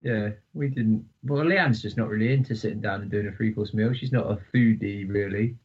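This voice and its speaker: A man co-hosting a casual podcast, telling an anecdote in an animated way, laughing and swearing casually. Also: fairly low pitch, a little fast, breathy edge. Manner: animated storyteller who laughs at his own story, swears casually. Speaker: podcast co-host. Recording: slightly dull audio with faint hiss.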